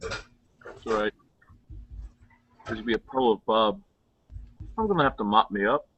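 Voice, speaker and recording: A man's voice: lowish voice, expressive, normal speed, fairly bright tone, slight background noise. Overheated joking man on a dull call line. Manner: laid-back, joking, swearing. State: overheated, sweating. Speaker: co-host. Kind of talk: casual chat. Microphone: video call.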